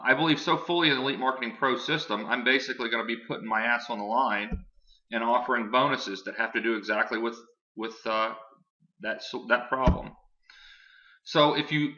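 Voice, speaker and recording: A man giving a casual, filler-heavy online sales pitch while showing his screen. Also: pushed and bright, lo-fi sound. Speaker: online marketing presenter.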